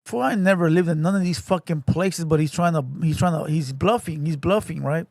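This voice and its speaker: A man with a notably high speaking voice tells a story on his livestream, loose and profane, full of slang and repeated phrases. His voice sits dry and close, with no room sound around it. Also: a little fast, creaky, no echo. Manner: profane, slangy, animated retelling; repeats phrases, addresses listener as bro. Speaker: livestream host.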